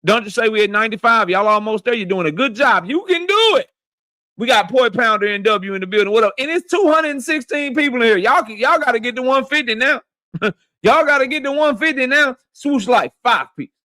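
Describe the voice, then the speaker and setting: A man hosting a boxing livestream who greets viewers by name in loud, slangy, profane banter. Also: extremely high pitch, fairly quick, no echo, studio quality. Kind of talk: casual livestream chat, shouting out viewers.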